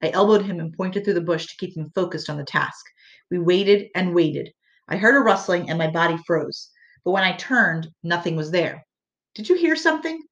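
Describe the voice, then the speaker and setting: A woman narrating an audiobook in a measured, earnest way. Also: on the low side, a bit bright, muffled recording.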